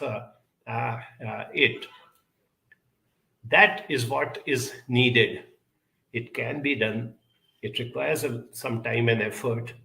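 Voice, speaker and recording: A man speaking at a conference, earnest and advising, pausing often with hesitations as he answers audience questions. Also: medium pitch, gravelly, pushed and bright, roomy sound, rough recording.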